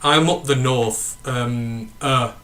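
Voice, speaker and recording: A man's voice: medium pitch, slow pace, sharp tone. A man with a northern English accent hosting a casual sports podcast, rambling and correcting himself as he answers live chat questions. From northern England. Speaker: podcast host.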